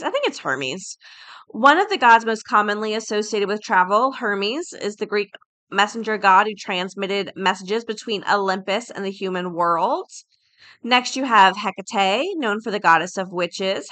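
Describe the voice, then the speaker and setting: Bright-toned lady podcaster, chatty, reading stuff out with lots of uh and um. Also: medium pitch. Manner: chatty, reads aloud with fillers. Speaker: podcast host. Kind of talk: casual podcast monologue.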